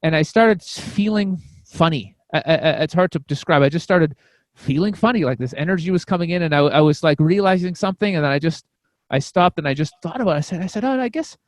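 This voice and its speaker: A comedian on a podcast telling a story in a casual, rambling way, full of fillers and restarts. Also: male voice, on the high side, quick pace, no room sound. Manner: acts out quoted voices.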